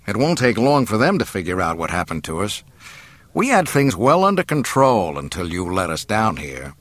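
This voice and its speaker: A man reading aloud and voicing a cocky, sarcastic smuggler pilot, loud and brash. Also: lowish voice, big pitch swings, moderate pace, no room sound.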